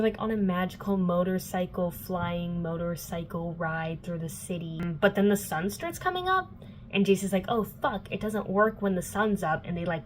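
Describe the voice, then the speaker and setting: A woman's voice: mid-range voice, a little hiss or hum, low-quality recording. A young adult woman recapping a book in casual vlog chat. She fills her talk with "like" and swears freely. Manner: chatty, peppered with "like" and swearing. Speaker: book vlogger.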